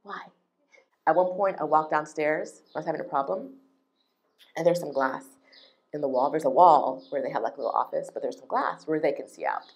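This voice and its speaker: A woman with a low-pitched voice rants in a vlog, indignant and emphatic. She repeats her points for effect and keeps the energy of a heated complaint. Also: brisk. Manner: animated, indignant, emphatic repetition. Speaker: travel business owner. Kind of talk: ranting vlog.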